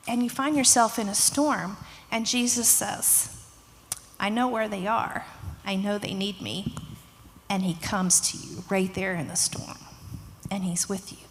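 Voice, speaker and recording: A woman teaching a children's church lesson, telling a Bible story with lively voices and hushed moments. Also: fairly high pitch, a little hiss or hum. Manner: animated storytelling, acting out voices, hushed emphasis. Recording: long hall reverb.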